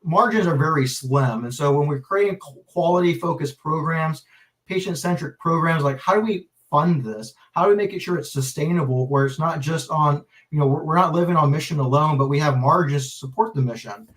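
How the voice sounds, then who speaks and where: A man with a fairly high voice tells a story on a podcast and acts out the quoted lines with plenty of energy. He often stops and restarts his sentences. He sits a little away from the microphone. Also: a little fast, fairly bright tone, recorded from a distance. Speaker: pharmacist and healthcare executive guest.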